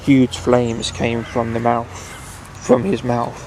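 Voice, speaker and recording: A man reads a bedtime story aloud at an unhurried pace, stopping now and then to restart a phrase. His voice has a gravelly, creaky texture. The pitch sits at a mid level. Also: a little mellow, a little hiss or hum, rough recording.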